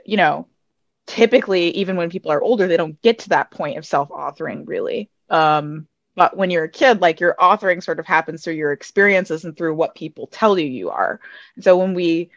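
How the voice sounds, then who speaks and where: A woman's voice: lowish voice, dry recording. Rambling American woman, dry lo-fi sound. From United States. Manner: rambling, restarting thoughtful explainer. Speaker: podcast guest. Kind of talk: casual podcast discussion.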